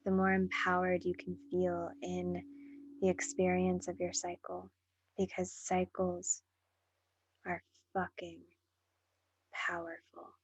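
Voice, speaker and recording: Breathy, slow-talking woman host. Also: on the low side, monotone. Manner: soft, breathy and unhurried, drifting into near-whispers; earnest and encouraging, addressing listeners directly. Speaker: podcast host. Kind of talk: slow reflective monologue.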